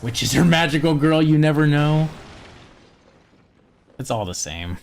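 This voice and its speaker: Animated streamer with a lively pitch. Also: measured pace, gravelly, slight background noise. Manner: animated, laughs often, swears casually. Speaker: video game streamer. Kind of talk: casual gameplay commentary.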